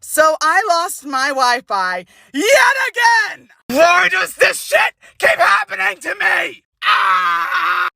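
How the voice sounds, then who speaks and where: High bright young woman venting loudly. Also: very animated, takes it slowly, creaky, dry recording. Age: young adult. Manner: venting, swears, bursts into screaming. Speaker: TikTok storyteller. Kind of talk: comic storytime monologue. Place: inside a parked car.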